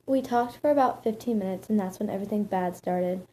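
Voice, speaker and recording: Woman reading a story aloud, mellow. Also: medium pitch, a little fast, slight background noise, poor audio. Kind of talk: first-person story narration.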